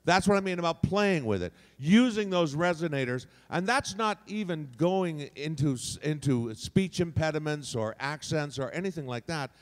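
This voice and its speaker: Brief: male voice teacher, lively swooping pitch on the high side, long hall reverb. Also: moderate pace, hardly any pauses. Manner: demonstrative, shifts voice placement freely. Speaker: voice actor on a convention panel. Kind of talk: teaching panel talk. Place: convention hall.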